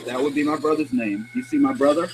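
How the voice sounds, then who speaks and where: A man hosting a live paranormal stream, coaxing spirits gently and asking the same questions over and over. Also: mid-range voice, fast. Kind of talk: live spirit-box session. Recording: loud background noise.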